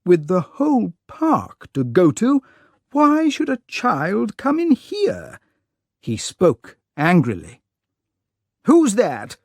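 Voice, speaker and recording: A man narrating a humorous audiobook story for language learners, reading clearly and expressively. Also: high voice, wildly swooping pitch, takes it slowly, no echo.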